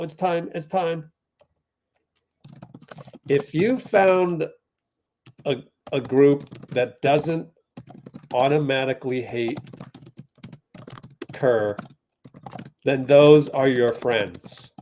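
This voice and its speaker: A young man from the Bay Area hosting a fan watch party, giving chatty live play-by-play that spikes with excitement on big plays. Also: mid-range voice, a little hiss or hum.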